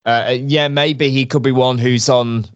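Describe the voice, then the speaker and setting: A man's voice: mid-range voice, steady tone, unhurried, clean tone, highs cut off. Enthusiastic man in casual chat. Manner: enthusiastic, jokey. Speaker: wrestling podcast co-host.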